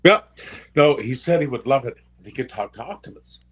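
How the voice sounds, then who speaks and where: An older man, a special guest, telling personal stories in a casual, halting way, often pausing and restarting, and tending to get emotional. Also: mid-range voice, expressive. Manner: halting, with many pauses and restarts; gets emotional while recovering. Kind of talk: casual anecdotal storytelling.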